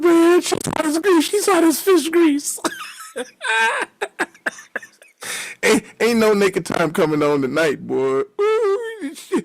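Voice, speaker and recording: A middle-aged man telling a story casually, animated, laughing often and swearing freely. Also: high voice.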